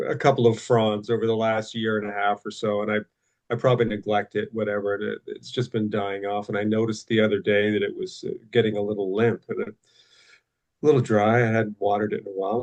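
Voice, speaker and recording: Man, call participant, chatty anecdote, halting restarts. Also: fairly low pitch. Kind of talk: casual anecdote.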